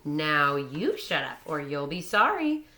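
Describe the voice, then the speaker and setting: A woman's voice: low-pitched, very animated, slow, heavily acted. A woman voicing an irritated, defensive young boy who snaps back sharply. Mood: annoyed. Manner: sharp, snapping.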